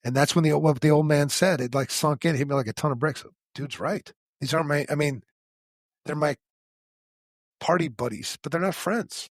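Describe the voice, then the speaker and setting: A middle-aged man with a husky, slightly breathy voice tells his own story on a podcast. He talks bluntly and swears freely, plain and frank about his struggles. The sound is close and dry, with no room around it. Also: fairly high pitch, moderate pace, no echo. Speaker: podcast co-host. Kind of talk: candid personal storytelling.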